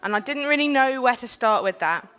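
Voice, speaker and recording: A woman's voice: on the high side, expressive, fairly quick. Young woman giving a fiery speech. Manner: earnest, forceful, with filler ums. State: has a cold. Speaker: panel speaker. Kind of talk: impassioned public speech.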